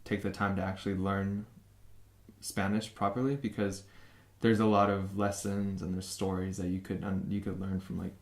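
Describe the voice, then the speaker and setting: Halting young man in an echoey room. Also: sits low, level tone. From San Francisco, USA. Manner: halting, many fillers and restarts. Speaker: interview guest. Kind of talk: casual interview.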